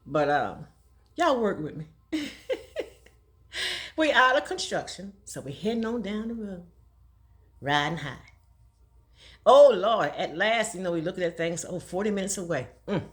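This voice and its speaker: A woman telling a personal story in a casual vlog, talking fast and laughing often. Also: on the low side, animated. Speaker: vlogger.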